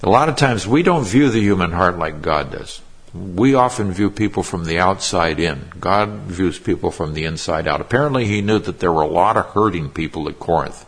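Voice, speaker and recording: A man's voice: low-pitched, expressive, moderate pace, slightly rough. A middle-aged man preaching a sermon as pastor, explaining Greek grammar and repeating key phrases for emphasis.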